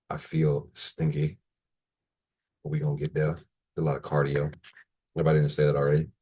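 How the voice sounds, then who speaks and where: A young man with a very deep, husky voice chats to the camera between bites of food. He rambles and jokes in a loose, casual vlog style, as if he were on a video call. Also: a little mellow. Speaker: vlogger. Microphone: camera in front of him, like a video call.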